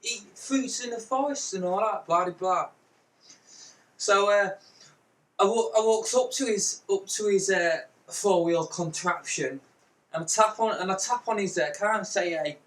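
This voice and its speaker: A man spins a comic yarn in a rambling, unhurried way, sprinkling in mock-old-fashioned peasant phrases. His voice sits high. The recording is roomy, and he is heard from some distance off the microphone. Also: fairly bright tone. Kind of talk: comic storytelling.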